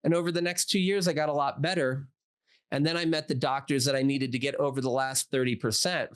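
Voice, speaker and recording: Speaking smoothly and at a brisk clip, a forty-something doctor on an interview tells a story from his life. His mid-range voice stays casual and animated as he acts out what people said, peppered with "like."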